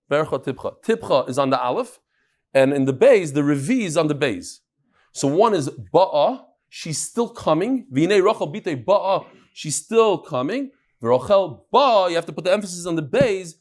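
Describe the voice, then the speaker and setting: A man's voice: fairly high pitch, a little mellow. A man teaching a live Talmud class, bantering with his listeners and mixing Yiddish and Hebrew terms into his talk.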